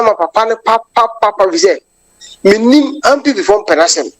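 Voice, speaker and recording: A woman's voice: mid-range voice, no echo, low-quality recording. A Ghanaian woman calling in to a radio show, delivering a long impassioned monologue that switches between English and Twi. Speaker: caller. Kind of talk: phone-in political commentary.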